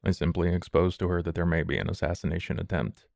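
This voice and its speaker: A man playing a tabletop game, speaking in a measured, formal way in character. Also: low voice, steady tone, vocal fry, a little mellow, no room sound, studio quality. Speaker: player. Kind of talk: tabletop role-play.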